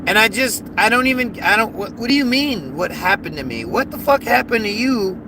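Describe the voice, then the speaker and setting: A man with a very high-pitched, expressive voice rants heatedly and profanely on a casual livestream at normal speed. He reads chat and keeps restarting his sentences, with noise in the background.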